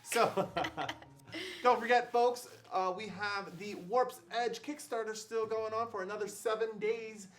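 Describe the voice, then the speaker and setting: A man's voice: high voice, steady tone, a little slow, a bit bright. A young man hosting a casual livestream unboxing, chatty and upbeat, with fillers and laughs. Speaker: livestream host.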